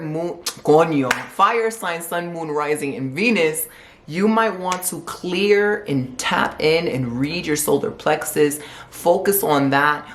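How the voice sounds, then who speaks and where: A woman's voice: sits low, roomy sound. A woman giving a tarot forecast, asking a string of reflective rhetorical questions. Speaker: tarot reader.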